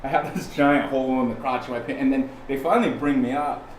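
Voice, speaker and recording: A man from California, a podcast guest, telling a story in a casual, animated way, often restarting and acting out the people he quotes. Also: mid-range voice, fast talker, slight background noise. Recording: roomy sound from a distant mic, faint ambience.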